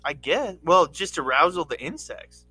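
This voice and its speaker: A man with a slightly high, bright voice leads crude casual podcast banter, reading out topics and asking wry questions. He is recorded dry and close. Faint music sits under his voice. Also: sing-song, normal speed, breathy edge, no room sound. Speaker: podcast co-host.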